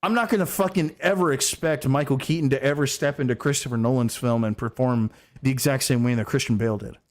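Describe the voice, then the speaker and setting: A man's voice: medium pitch, quick pace. A man with a mid-range voice joins a casual podcast chat. He sounds laid-back and easygoing, and he keeps dropping "dude" as he talks. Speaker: podcast co-host.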